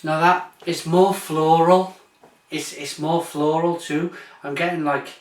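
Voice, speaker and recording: A British man hosts a casual review vlog, his voice sitting fairly high. He talks eagerly but loosely, doubling back and repeating himself. The sound is roomy and echoey, with the mic set some way off. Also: fairly even intonation, a little slow. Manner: enthusiastic, rambling, with frequent restarts and repeats. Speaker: beer reviewer, channel host. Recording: echoey room, mic at a distance.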